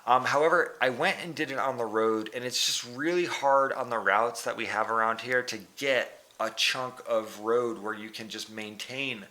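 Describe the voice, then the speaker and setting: Male vlogger, bright tone, casual rambling training recap with fillers and restarts. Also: medium pitch, moderate pace, few pauses. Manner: rambling, self-correcting, frequent fillers.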